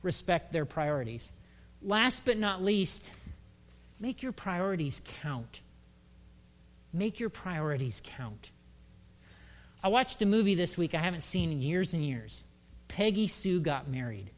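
A man's voice: sits high, lively intonation, in a large hall. A male pastor giving a conversational, humorous sermon in a church. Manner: humorous, acts out quick voices.

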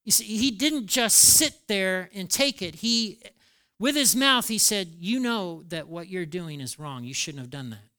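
A man preaching a sermon, animated, acting out quoted lines with small laughs. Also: high-pitched, unhurried. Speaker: pastor.

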